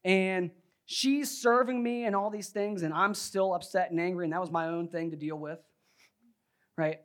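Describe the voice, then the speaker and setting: A man's voice: sits high, fairly even intonation, normal speed, a bit bright. A young adult male pastor preaching a sermon in a conversational, storytelling way, often saying "like" and "right?".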